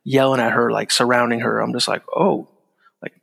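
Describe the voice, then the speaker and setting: A middle-aged man with a gravelly edge, recounting an old story in a relaxed, easygoing way. He laughs lightly along the way and acts out what others said. His voice carries a long, hall-like reverb, as if recorded in a big echoing room. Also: medium pitch, fast. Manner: laid-back, laughs while telling stories, acts out quoted lines. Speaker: guest, former security agent. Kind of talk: casual storytelling.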